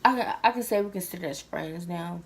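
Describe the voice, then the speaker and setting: A woman's voice: on the low side, fairly quick, gravelly. A woman vlogging at home, telling a personal story in casual chat, rambling with lots of fillers.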